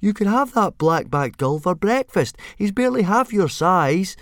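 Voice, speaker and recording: A man's voice: on the low side, very animated, moderate pace, no room sound. A man voicing a wry young boy who drawls his remarks. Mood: mock-fierce. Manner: mock-fierce then drawling and dry.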